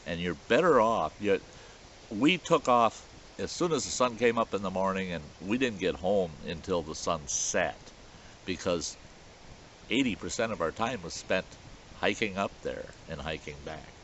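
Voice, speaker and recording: Folksy low-voiced campfire storyteller man. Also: unhurried. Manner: folksy, animated yarn-spinning. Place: outdoors at a campfire in the woods. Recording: dull lo-fi recording with faint hiss.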